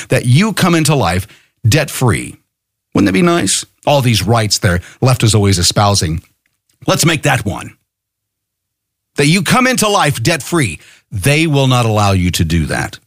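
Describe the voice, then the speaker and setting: With a medium pitch and sing-song delivery at a moderate pace, a middle-aged man from the United States hosts a podcast and rails profanely on politics, urging his audience to act. The recording is dry and studio clean.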